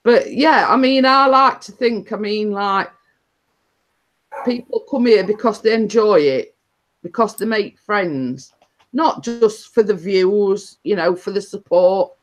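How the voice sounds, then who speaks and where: A woman's voice: mid-range voice, slow. A woman hosting a casual live stream, talking in a rambling, chatty way with many fillers and restarts. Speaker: livestream host.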